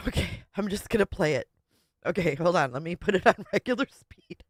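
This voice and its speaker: A woman's voice: fairly low pitch, animated, normal speed, no echo, studio quality. A woman hosting a live stream, chatting casually in reaction to a video, laughing constantly and swearing freely. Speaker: livestream host. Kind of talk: casual livestream reaction commentary.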